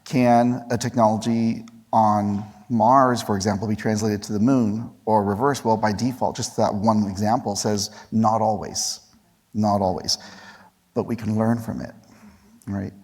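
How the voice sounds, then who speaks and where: Panelist, male, husky and low, keen explainer, hall reverb. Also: fairly even intonation, measured pace, a little mellow. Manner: enthusiastic, explaining with examples and "right?". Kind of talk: conference panel discussion. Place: large conference hall. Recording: long reverb of a large conference hall.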